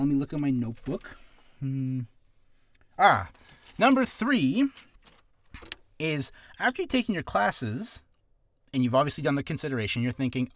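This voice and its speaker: Animated rambling man, dry close sound. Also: medium pitch, no room sound. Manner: rambling, self-correcting, animated. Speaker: aspiring voice actor. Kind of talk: casual vlog tutorial.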